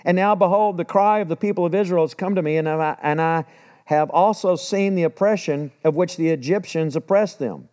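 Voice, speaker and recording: Male preacher, high-pitched, loose and animated, acts out scenes. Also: brisk. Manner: casual, animated retelling with acted-out dialogue. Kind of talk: sermon.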